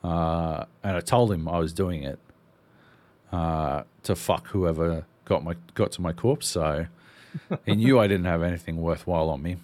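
Low-voiced aussie bloke rambling on a games podcast, lots of uh and swearing. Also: male voice, moderate pace, darkish tone. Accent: Australian. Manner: rambling, full of fillers and swearing. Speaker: podcast co-host. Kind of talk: casual storytelling.

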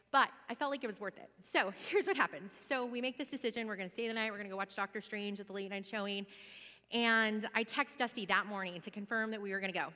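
Chatty woman in an echoing hall. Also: mid-range voice. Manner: chatty, animated storytelling with many fillers and laughs. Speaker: speaker at a church gathering. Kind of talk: casual personal testimony.

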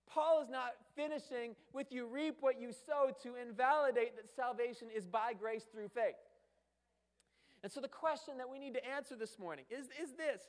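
A man's voice: very high-pitched, moderate pace. A man preaching a sermon as pastor, emphatic and fond of repeating phrases and asking rhetorical questions. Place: church sanctuary. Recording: long hall reverb.

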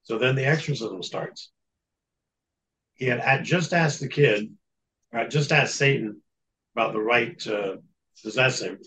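A man's voice: medium pitch, a little slow, long pauses, pushed and bright, a little hiss or hum, rough recording. Man telling a story in an interview. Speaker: guest recounting exorcism experience.

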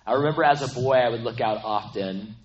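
Male preacher from New Mexico, mid-pitched, loose and repetitive, echoey church. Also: a little fast, highs cut off, slight background noise. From New Mexico, USA. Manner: warm, rambling, repeats words. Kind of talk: sermon. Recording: echoey room.

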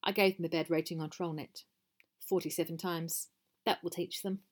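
A woman voicing a cross, sulky male troll who shouts and jeers from under his bridge, in a storybook reading. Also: fairly low pitch, fairly even intonation, moderate pace, lightly acted. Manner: shouty and jeering.

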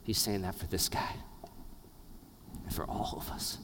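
Male pastor, 30s, animated sermon delivery, hushed to loud, reverberant hall. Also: medium pitch, moderate pace, long pauses, a little hiss or hum. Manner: animated, swings from hushed to loud with playful laughs.

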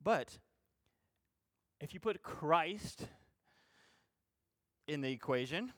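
A man with a high voice delivers an informal sermon as a youth pastor. He is animated, building to loud peaks and then falling to soft, self-mocking asides. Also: drawn-out words. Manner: animated, swings between loud emphasis and quiet asides.

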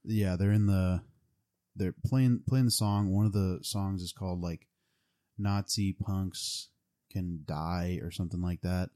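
Young guy rambling through a movie plot, super low voice, kinda mellow and dark, tons of likes and ums. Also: fairly even intonation, a little slow. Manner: rambling, full of "like" and "um". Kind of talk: casual chat retelling a movie plot.

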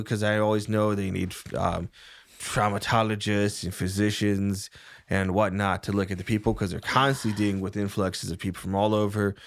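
A man's voice: fairly low pitch, dry recording. A man with a cold playing his character in a tabletop game, rambling and playful. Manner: rambling, playful, jokey asides. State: has a cold. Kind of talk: in-character roleplay and table talk.

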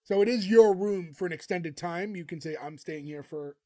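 A man's voice: high voice, moderate pace, darkish tone. A man co-hosting a podcast, recapping an episode in chatty casual talk full of fillers. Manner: chatty, full of "like" and "you know". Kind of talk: casual chat.

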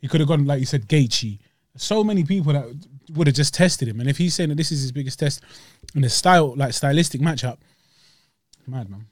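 A man's voice: on the high side, expressive, fairly quick, darkish tone, no echo, clean studio sound. A man with a British accent co-hosting a podcast, bantering in casual street slang. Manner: slangy banter, "bruv", "blood". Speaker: podcast co-host. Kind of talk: casual chat.

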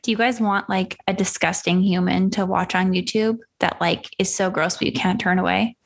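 A woman's voice: mid-range voice, steady tone, moderate pace, gravelly. A woman co-hosting a podcast in casual, chatty talk and laughing often. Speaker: podcast co-host.

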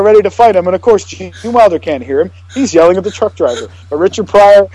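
This is a man with a high voice chatting on a podcast. He tells comedy film scenes in an animated way and puts on voices for the quoted lines. It is a loose, casual conversation. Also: fast, few pauses, rough recording. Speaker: podcast co-host. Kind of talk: casual chat.

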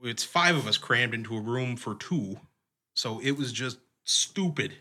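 A young man and podcast co-host telling stories in casual chat, animated and often laughing. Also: medium pitch, measured pace. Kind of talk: casual storytelling.

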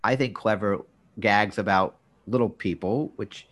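A man's voice: fairly low pitch, unhurried. A man co-hosting a podcast, chatting casually about a TV episode and getting exasperated over details. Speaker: podcast co-host.

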